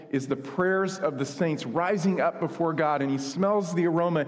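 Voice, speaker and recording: A man from the United States preaching a sermon, earnest and conversational, with asides and humor. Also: on the high side. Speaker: pastor. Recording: long hall reverb.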